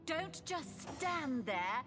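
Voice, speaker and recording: A haughty woman in a video game who is outraged at intruders in her bath. She speaks high and slowly with a swooping pitch, and game music plays clearly behind her. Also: big pitch swings, a bit bright, exaggerated voice. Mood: indignant. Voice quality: haughty, shooing. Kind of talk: voiced video game dialogue.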